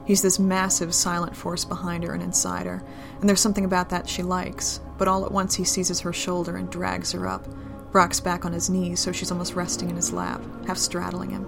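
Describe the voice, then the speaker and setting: A woman reading an adult romance story aloud in a low, intimate, steady manner. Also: fairly quick, vocal fry, hardly any pauses, music in the background. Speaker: narrator.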